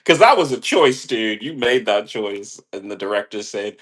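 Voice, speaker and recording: A man's voice: lowish voice, expressive, moderate pace, few pauses, fairly bright tone. A man rambling casually in a monologue, swearing and laughing at his own jokes. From half British. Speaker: vlogger.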